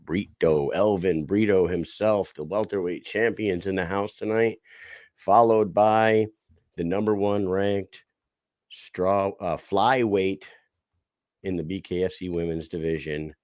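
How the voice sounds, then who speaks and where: A man, co-hosting a casual podcast and telling stories in a loud, profane, animated way. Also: low voice, unhurried, no echo, clean studio sound. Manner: boisterous, swears freely, animated storytelling. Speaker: podcast co-host.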